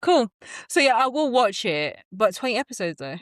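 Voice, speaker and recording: A woman co-hosting a podcast in casual chat, her pitch swinging up and down as she talks. She laughs easily and restarts sentences often. The sound is dry and close. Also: big pitch swings, normal speed, no echo. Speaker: podcast co-host.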